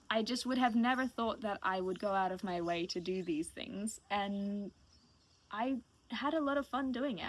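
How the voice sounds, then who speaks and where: A woman in her late twenties talking casually and emotionally to her stream viewers, rambling and thankful. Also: mid-range voice. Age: late 20s. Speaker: live streamer. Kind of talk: casual heartfelt stream chat.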